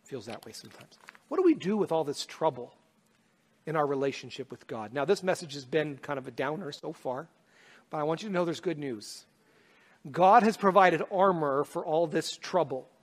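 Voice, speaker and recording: A man preaching a sermon as pastor, moving from quiet, personal reflection to loud, impassioned calls. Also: a little high, lively intonation, moderate pace. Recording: long hall reverb.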